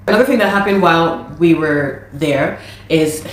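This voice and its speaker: A woman from Canada, a musician, giving an animated and exasperated account of a dispute, with many restarts. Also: low-pitched, normal speed. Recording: very echoey room.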